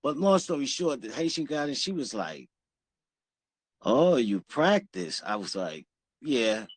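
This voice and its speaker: A man tells a rambling story full of cursing, talking loudly. His voice sits at an ordinary middle pitch, recorded dry and close. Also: sing-song, moderate pace, breathy edge, no room sound. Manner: loud, profane, rambling. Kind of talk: casual storytelling chat.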